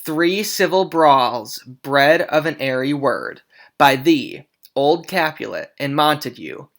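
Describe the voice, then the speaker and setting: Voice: medium pitch, animated, takes it slowly, a bit bright. A stern prince declaiming, as a teacher reads him. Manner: declaiming, reading with small slips. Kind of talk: reading a play aloud.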